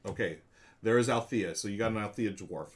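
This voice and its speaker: Low-voiced man explaining a board game. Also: brisk. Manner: chatty, explains moves aloud to chat with frequent fillers. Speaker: live-stream board game host. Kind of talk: casual live-stream rules walkthrough.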